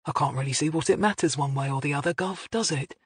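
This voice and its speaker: A man's voice: on the high side, fast talker, slightly rough, no room sound. A narrator doing an offhand young policeman. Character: young male police sergeant, easygoing.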